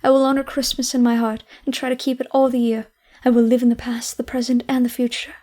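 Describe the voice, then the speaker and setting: A woman's voice: on the high side, flat delivery, fast talker, mellow, close to an everyday voice. A woman voicing an overjoyed, repentant old miser in an audiobook, talking in fervent, breathless exclamations. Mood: pleading. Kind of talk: audiobook character reading.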